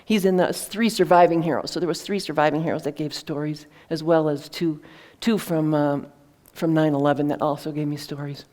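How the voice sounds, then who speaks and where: A woman's voice: sits low, fairly even intonation, brisk, few pauses, darkish tone. Woman author telling an earnest story. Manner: earnest, with many fillers and restarts. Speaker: author presenting her book. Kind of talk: conversational storytelling talk.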